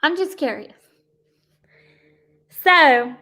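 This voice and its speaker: A woman's voice: fairly high pitch, big pitch swings, slow pace, long pauses, sharp tone. A woman leading a sales team, giving an emphatic, preachy motivational pep talk and speaking folksily and directly to her listeners. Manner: emphatic and preachy, with frequent laughs.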